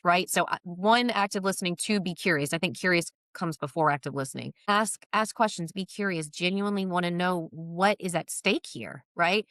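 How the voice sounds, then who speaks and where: A talkative woman with a somewhat low voice, chatting as a podcast guest. She ticks off her points one by one and keeps checking in with her listener. The sound is dry and close, with no room around it. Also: moderate pace, few pauses, a bit bright, no room sound. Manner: chatty, lists points, uses "right?" often. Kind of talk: casual podcast conversation.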